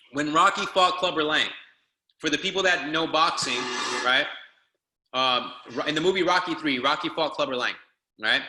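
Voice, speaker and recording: A man's voice: a little high, sharp tone, roomy sound. A man giving a motivational speech to a group call as a business trainer, exhorting and hammering the same phrases again and again. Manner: fired-up, hammering repetition, exhorting.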